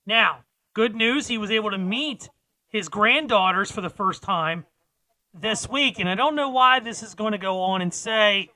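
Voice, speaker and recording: A man's voice: high-pitched, moderate pace, sharp tone, no echo, low-quality recording. A man co-hosting a casual podcast, reading news aloud with teasing, dramatic build-ups. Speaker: podcast co-host.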